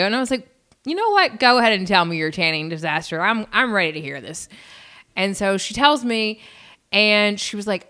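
A woman co-hosting a podcast, telling a story in a casual, animated way and acting out the quotes. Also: medium pitch, clean tone. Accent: regional accent. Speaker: podcast co-host.

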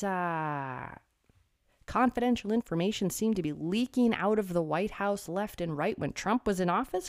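A woman delivers a mocking commentary monologue, firing off rhetorical questions. Her voice is mid-pitched but swoops widely as she needles. The sound is dry, with no room around it. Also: expressive, unhurried, darkish tone, no room sound.

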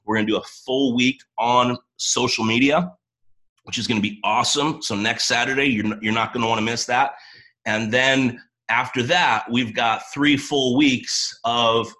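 A man hosts a live boot camp session for his team, talking fast and excitedly and rambling from thought to thought. His voice sounds bright and forceful, with a touch of early-morning roughness. He jumps eagerly between topics. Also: medium pitch, rough recording. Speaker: host of a coaching boot camp. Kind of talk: upbeat livestream talk to a team.

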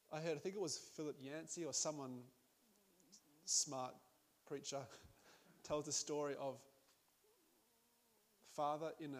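A man's voice: on the high side, gravelly. A man preaching a sermon in a conversational way, with laughing asides and frequent restarts.

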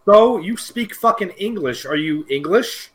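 A man with a slightly high voice who teases and swears his way through casual banter. He co-hosts the podcast and keeps needling his partner. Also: expressive, measured pace, slight background noise. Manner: teasing, swears freely. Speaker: podcast co-host.

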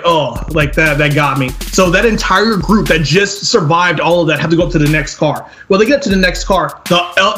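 Young male podcast co-host, lively storyteller who acts out quotes, somewhat high-pitched, light music underneath. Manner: animated retelling, acts out quotes, laughs often. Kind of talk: casual film review chat.

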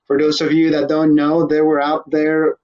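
A man's voice: a little high, monotone, normal speed, a little mellow, slight background noise. A man hosting a casual interview show, talking in a rambling, joking way. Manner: joking, rambling, laughs often. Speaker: host. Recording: slightly dull audio.

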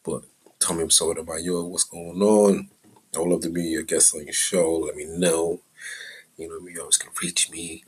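A middle-aged man with a very low, husky voice talks off the cuff as a podcast host. His street-style chat is loose and profane, sliding from muttered asides into heated rants. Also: little pitch movement, normal speed, low-quality recording. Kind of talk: casual rambling monologue.

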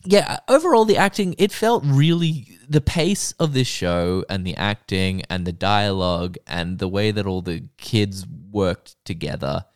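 A man co-hosting a casual chat about a show, animated and quick to act out characters' lines. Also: fairly low pitch, dry recording, studio quality. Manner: animated, acts out characters' lines with put-on voices. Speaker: podcast co-host.

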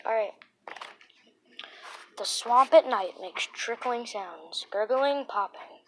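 A woman reading a children's horror book aloud, with dramatic, expressive storytelling and the occasional restart. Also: a little high, takes it slowly, gravelly, pauses often, a little hiss or hum, rough recording. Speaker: narrator.

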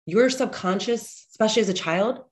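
A woman's voice: mid-range voice, normal speed. A woman in her thirties, slightly congested, giving a motivational monologue full of chatty personal stories, blunt and sometimes profane. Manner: animated, chatty storyteller, blunt and profane at times.

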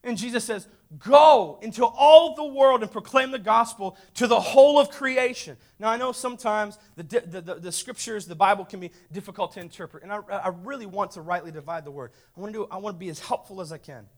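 High-voiced preacher swinging hushed to loud. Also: male voice, brisk, hardly any pauses. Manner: rhetorical questions to the congregation. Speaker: pastor. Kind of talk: sermon.

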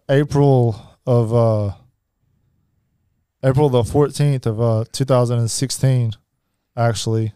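A man telling his life story as a podcast guest, halting, with many fillers and restarts. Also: mid-range voice, dark tone, smooth, no room sound, studio quality. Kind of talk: personal storytelling.

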